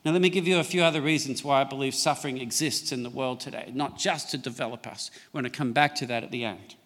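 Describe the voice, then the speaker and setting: A middle-aged male pastor preaching a sermon, reading scripture slowly for emphasis and calling for amens from the congregation. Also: mid-range voice, a bit bright, long reverb tail. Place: church.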